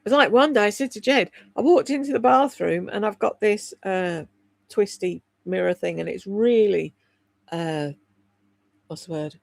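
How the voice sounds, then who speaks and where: Gravelly woman in her sixties. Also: mid-range voice, a little slow, dry recording. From United Kingdom. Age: 60s. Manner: swears freely, laughs often, candid and rambling. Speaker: livestream host reading chat. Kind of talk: casual chat on a livestream. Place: at home.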